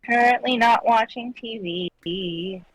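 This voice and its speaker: A woman chats on a stream while she draws, her voice sitting a touch high. She tells small stories and acts out what she said back then. The sound is close and dry. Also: takes it slowly, slightly rough, dry recording, poor audio. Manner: storytelling, acts out her own quoted lines. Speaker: streamer co-host. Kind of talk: casual chat while making art.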